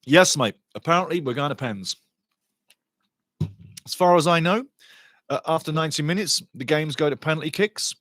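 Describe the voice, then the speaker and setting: A man commentating live on a soccer match for a watchalong stream, excitable and sarcastic, often repeating his phrases. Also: fairly high pitch, normal speed, pauses often, no echo, clean studio sound.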